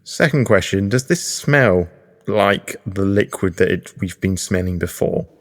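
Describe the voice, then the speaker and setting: A man takes his turn in a tabletop game, thinking aloud as he works out his character's moves. His voice is very deep. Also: expressive, a little slow. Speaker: player.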